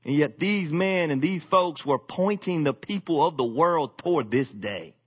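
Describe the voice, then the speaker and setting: A man's voice: a little high, expressive, a little slow, slightly rough. A man preaching a sermon, with rising emphasis and casual asides to the congregation. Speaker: pastor.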